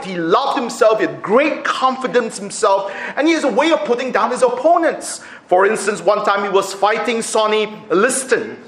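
A man preaching a sermon, acting out quotes with laughs. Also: high voice. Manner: animated, acts out quotes with laughs. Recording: echoey room.

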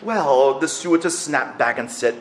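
A man's voice: medium pitch, normal speed, a little hiss or hum. A man preaching a sermon, acting out quotes with laughs. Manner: animated, acts out quotes with laughs. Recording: echoey room.

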